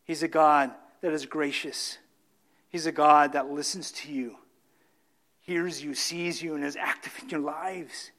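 Fervent male pastor, fairly high voice. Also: fairly even intonation, measured pace, a bit bright. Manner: fervent, pleading, voice dropping low in prayer. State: losing his voice. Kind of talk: sermon and closing prayer.

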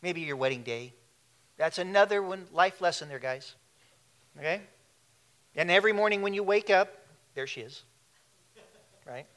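A man's voice: high voice, expressive, normal speed, long pauses, fairly bright tone. A man preaching a sermon in a conversational way, with asides and questions to the congregation. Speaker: pastor.

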